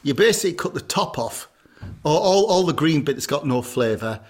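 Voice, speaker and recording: A man talks in a blunt, jokey way, swearing casually as he chats on a podcast. His voice sits a little high for a man. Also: animated, fairly quick, husky. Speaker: podcast co-host, chef. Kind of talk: casual chat.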